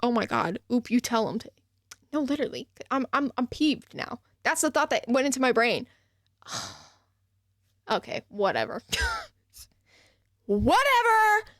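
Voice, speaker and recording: A woman's voice: a little high, big pitch swings, normal speed, pauses often, dry recording, studio quality. A young woman streamer ranting and laughing as she reacts to a game, with casual, profane commentary. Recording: game music playing behind.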